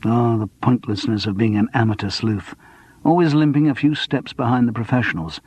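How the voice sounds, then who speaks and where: A man narrating a cozy mystery audiobook in a wry, measured storyteller's voice. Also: medium pitch, a little mellow, slight background noise. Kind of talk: scripted narration.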